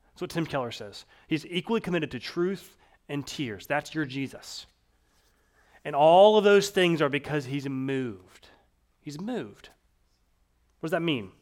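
A man preaching a sermon, praying first and then explaining a scripture passage in an earnest manner, repeating key phrases. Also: a little high. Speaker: pastor.

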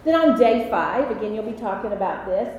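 A woman leading a Bible study lesson, telling a story in an animated, chatty way with many fillers. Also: medium pitch, a little fast, lo-fi sound. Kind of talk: conversational Bible study teaching. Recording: echoey hall with long reverb, faint noise.

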